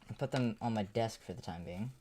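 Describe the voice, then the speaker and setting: This livestream features a woman with an extremely low, mellow voice and a slightly quick pace, with a bit of hiss or hum in the audio. As she works on her gear she rambles along casually, cursing and muttering to herself.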